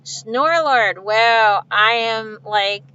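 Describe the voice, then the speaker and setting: A woman's voice: a little high, very slow, sharp tone, clear, resonant tone, dull audio. Chatty trucker woman on a live stream. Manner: chatty, laughs often, reads viewer comments aloud. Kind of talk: casual live-stream chat with viewers. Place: inside a truck cab with refrigeration unit running. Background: refrigeration unit hum.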